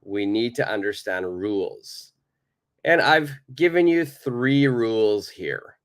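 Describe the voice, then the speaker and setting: A man's voice: lowish voice, expressive, takes it slowly, clear, resonant tone. A man teaching a live online English lesson, patiently repeating his questions to the viewers.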